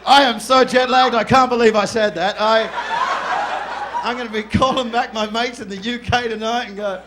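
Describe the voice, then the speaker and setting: A man with an Australian accent doing a stand-up comedy set on a club stage, loud, brash and profane, often shouting and laughing into a handheld mic. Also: extremely high pitch, fairly even intonation, normal speed, noisy background.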